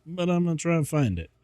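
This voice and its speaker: A man's voice: a little high, mellow, dry recording. A man commentating his own game stream, chatty and self-deprecating, laughing often. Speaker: VTuber streamer.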